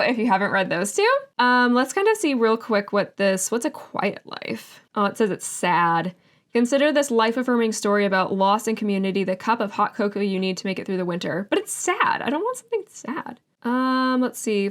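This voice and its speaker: A woman's voice: mid-range voice, fairly bright tone. A woman book vlogger chatting casually about her picks, filling her talk with "like" and "um" and gushing over books she loves. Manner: chatty, full of "like" and "um".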